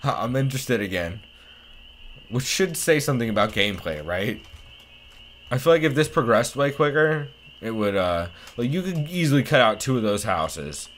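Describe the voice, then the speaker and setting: A man's voice: mid-range voice, sing-song, normal speed, a little hiss or hum. A man casually commenting on a game he is playing, swearing a lot and reading the game's diary text aloud. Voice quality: profane, sarcastic, reacts loudly. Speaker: let's play host.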